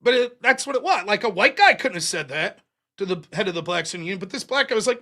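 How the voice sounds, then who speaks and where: Hosting a live stream, a man tells a drawn-out, wandering story in loose, foul-mouthed chat thick with fillers. His high voice swings widely in pitch, and he speaks quickly with a bright, forceful edge.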